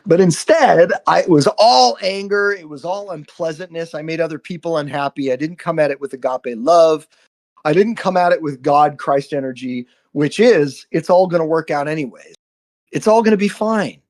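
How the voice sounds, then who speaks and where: A man's voice: on the high side, normal speed. A man hosting a live stream, giving an earnest spiritual monologue full of swearing and frequent "right?" checks. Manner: earnest, profane, repeats "right?".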